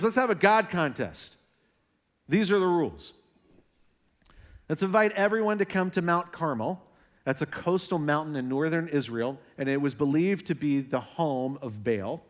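Young guy pastor preaching, voice a bit high, jokey asides then gets real quiet and intense. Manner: animated storytelling with sarcastic asides, dropping to hushed intensity. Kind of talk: sermon.

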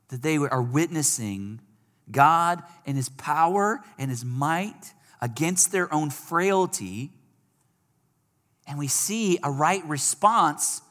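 A man's voice: a little high, expressive, slow, a bit bright, long reverb tail. A man preaching a sermon in a conversational way, lifting his voice when he acts out pleading quotes.

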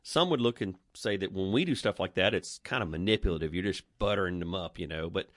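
A man's voice: low voice, quick pace, no room sound, studio quality. A man co-hosting a casual conversation, often agreeing and affirming what the others say. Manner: affirming, frequent backchannel agreement. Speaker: co-host.

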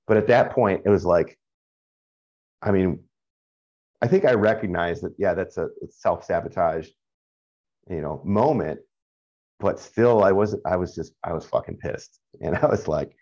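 Middle-aged guy, very deep voice, candid rambling talker with profanity, dull lo-fi recording. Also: darkish tone. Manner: rambling, frequent fillers and profanity. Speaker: caller sharing a personal story. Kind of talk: casual candid storytelling. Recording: dull lo-fi sound.

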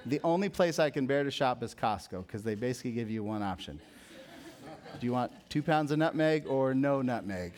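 A young man preaching a sermon as a pastor, conversational and jokey, telling stories, then dropping soft for emphasis. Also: mid-range voice, animated, fairly quick. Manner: conversational, jokey storytelling with sudden soft drops.

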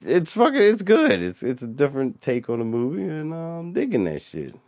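A man's voice: fairly high pitch, huge pitch swings, fairly quick, darkish tone, slight background noise. A man co-hosting a casual podcast, talking loosely with plenty of swearing, trailing off and restarting his sentences. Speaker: podcast co-host. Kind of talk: casual chat.

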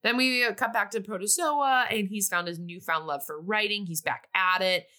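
A woman's voice: mid-range voice, moderate pace, sharp tone. A woman casually recapping a movie plot in a chatty way, sometimes briefly acting out the characters' lines.

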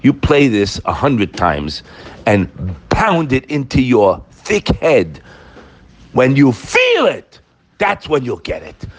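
A middle-aged man teaches Torah with real animation. His voice sits slightly high and swings widely as he poses question after question. He keeps weaving Hebrew verses into his talk. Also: fairly bright tone. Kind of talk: Torah lecture.

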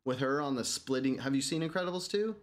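Excitable swearing man chatting casually. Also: mid-range voice, fast talker. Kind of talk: casual chat.

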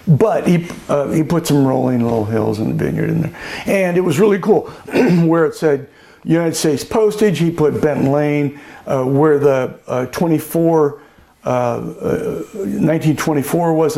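Here's a winery owner, an older man, with a fairly high, creaky, warm voice. In an oral history interview he spins anecdotes chattily, often breaking into laughter and doing voices for the people he quotes.

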